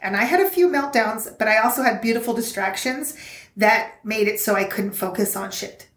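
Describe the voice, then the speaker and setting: A woman's voice: fairly high pitch, moderate pace. Swearing, blunt older woman in an echoey room. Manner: blunt, swears freely, animated storytelling. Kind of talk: casual chat.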